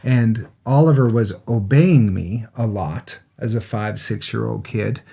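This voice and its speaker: A middle-aged man with a fairly low voice tells a long personal story in casual podcast talk. He gets animated as he goes, breaks off and restarts his sentences, and puts on quick voices for the people he quotes. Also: vocal fry, breathy edge. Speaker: podcast co-host.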